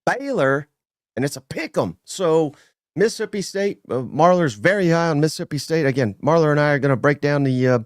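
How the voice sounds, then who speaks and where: Male sports podcast host, lively and teasing, slightly high voice. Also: a little fast, no echo, clean studio sound. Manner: energetic, shouts out channel members, teasing. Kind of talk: casual sports chat.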